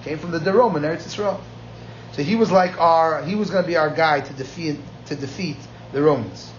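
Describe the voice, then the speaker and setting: Male Talmud lecturer, somewhat high-pitched, energetic storyteller; dull lo-fi recording with faint background noise. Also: a little fast. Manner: lively storyteller mixing Aramaic quotes with plain English.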